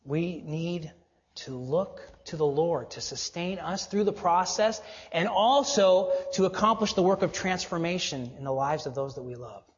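A male pastor preaching a sermon, earnest and exhorting, often dropping to a low, quiet voice for emphasis. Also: normal speed, in a large hall, dull audio.

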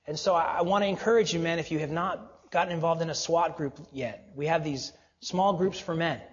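Earnest pastor preaching to men. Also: male voice, a little fast, in a large hall, lo-fi sound. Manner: earnest, exhorting, drops low and quiet for emphasis. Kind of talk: sermon.

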